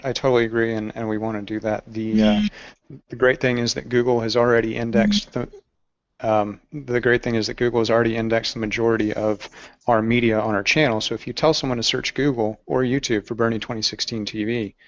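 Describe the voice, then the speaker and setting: Matter-of-fact guy on a stream, really flat monotone, muffled lo-fi sound. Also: medium pitch, fairly quick. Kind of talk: casual chat on a live stream. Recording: dull lo-fi live-stream audio.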